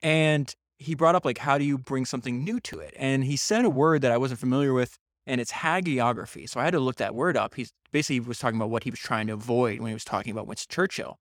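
A man's voice: medium pitch, quick pace, few pauses, no room sound, clean studio sound. A man hosting a solo book podcast, speaking with enthusiasm and frequent restarts. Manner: enthusiastic, with many restarts and fillers. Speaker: podcast host.

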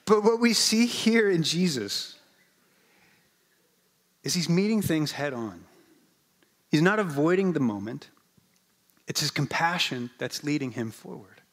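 A male pastor with a fairly high voice delivers a relaxed, good-humoured sermon. He talks to the congregation as if in conversation, joking and checking in with them. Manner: conversational and humorous, with asides to the congregation.

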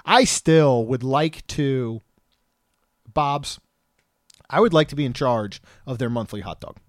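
A man's voice: medium pitch, takes it slowly, no room sound, studio quality. A man in his thirties co-hosting a podcast, chatting casually and joking, rambling with frequent restarts. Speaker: podcast co-host.

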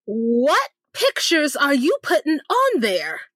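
A woman's voice: high voice, huge pitch swings, slow pace, a bit bright, no room sound, clean studio sound, exaggerated voice. A woman playing a wealthy, flirty socialite who teases her friends, in an improvised tabletop role-play. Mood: teasing. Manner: flirty and teasing. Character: rich teasing socialite woman.

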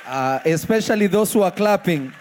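A man's voice: sits high, expressive, moderate pace, a little mellow, some chatter behind, a little hiss or hum. A man preaching a live sermon in church, emphatic and firing repeated questions at the congregation. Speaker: pastor.

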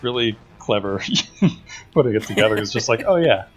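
A man with a low but lively voice rattles off quick asides on a podcast. Faint music plays under the talk. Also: husky. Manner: fast asides, laughs at own joke. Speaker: podcast co-host. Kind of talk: casual podcast chat.

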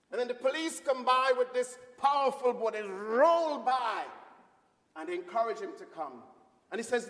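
A man's voice: very high voice, lively intonation, moderate pace, fairly bright tone. A man preaching a sermon as a guest preacher, telling stories and calling on the congregation to respond. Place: church. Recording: long reverb of a church hall.

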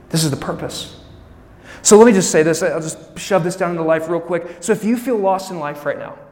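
Male pastor, higher voice, lively live sermon in a reverberant church hall. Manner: animated, acts out congregants' voices, speeds up on asides. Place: church sanctuary.

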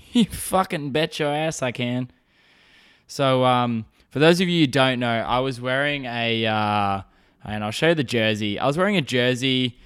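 A man's voice: mid-range voice, fairly bright tone, smooth. A young man hosting a podcast, telling a story in a rambling, profane, self-mocking way. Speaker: podcast host. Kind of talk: casual solo storytelling.

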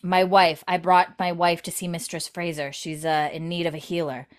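A woman's voice: lowish voice, level tone, normal speed, close to an everyday voice. A woman voicing a sly frontier man who speaks curtly, with veiled menace. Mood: menacing.

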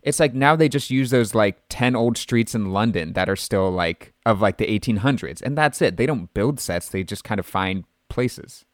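Low-voiced man in casual film chat. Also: normal speed, hardly any pauses, dry recording, studio quality. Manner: chatty, animated, lots of fillers.

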